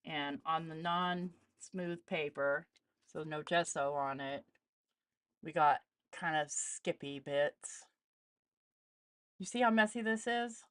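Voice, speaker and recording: A woman's voice: lowish voice, takes it slowly, dry recording. A woman hosting a casual live art demonstration, chatting as she tests supplies and greets viewers. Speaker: art channel host.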